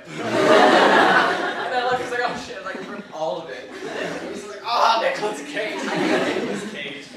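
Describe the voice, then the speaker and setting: A convention panelist telling rambling, giggly anecdotes to a fan audience. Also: male voice, high-pitched, lively intonation, normal speed, over a noisy crowd. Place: convention hall. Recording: echoey hall recorded from far off.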